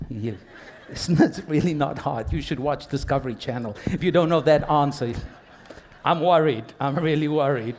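Impassioned preacher man, slightly high voice. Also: animated, normal speed, vocal fry. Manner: swings from soft hushed asides to loud impassioned preaching; talks to the congregation directly with call-and-response prompts. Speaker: pastor. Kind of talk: sermon.

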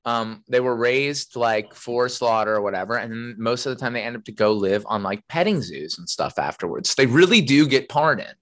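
A man co-hosts a podcast in casual chat. He jokes around, tells stories and swears freely. His voice sits at an ordinary pitch for a man. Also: normal speed, hardly any pauses, fairly bright tone. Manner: profane, joking storyteller. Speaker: podcast co-host.

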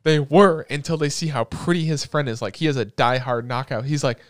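Young man, casual host chat, animated and crude, joking, average pitch, dry close sound. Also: brisk, hardly any pauses, dry recording.

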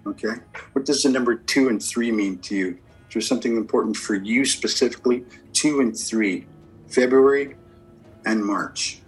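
A man's voice: medium pitch, normal speed, slightly rough, faint music behind, rough recording. A man working as a medium and giving a spirit reading. He asks a string of short yes-or-no questions and answers each reply with "okay, perfect.".

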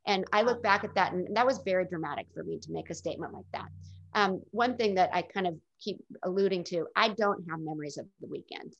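A middle-aged woman speaks candidly and reflectively as an interview guest. Her voice has a gravelly, creaky edge. The recording is dull and lo-fi. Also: lowish voice, a little fast. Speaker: guest telling her illness story. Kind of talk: casual interview storytelling.

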